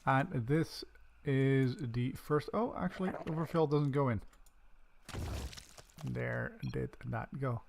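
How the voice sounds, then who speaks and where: A man casting a strategy game solo from his home setup, chatty and rambling, with self-deprecating asides and excited bursts when the action picks up. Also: mid-range voice, takes it slowly, creaky, pauses often, slight background noise. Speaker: game caster. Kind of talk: casual solo game commentary.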